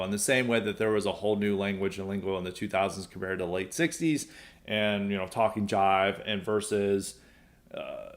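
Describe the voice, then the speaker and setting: Rambling male podcast host. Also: on the low side. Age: young adult. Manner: rambling, frequent fillers and restarts. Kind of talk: casual mailbag commentary.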